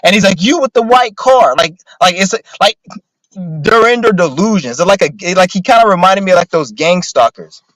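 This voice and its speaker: A man's voice: sits high, animated, moderate pace, a bit bright, no room sound, poor audio. A man ranting casually on a livestream, profane and rambling with lots of filler words. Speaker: streamer.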